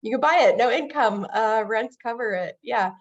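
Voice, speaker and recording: A woman's voice: a little high, normal speed, dull audio. A woman loan officer as an interview guest, talking energetically and acting out quoted conversations with clients. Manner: energetic, acts out quoted dialogue. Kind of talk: casual interview chat.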